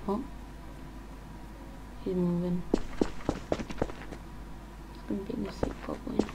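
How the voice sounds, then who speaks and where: A gaming channel host talks through her gameplay slowly, with a fairly low pitch, flat delivery, and long pauses. She thinks aloud casually, often trailing off mid-sentence, against audible background noise.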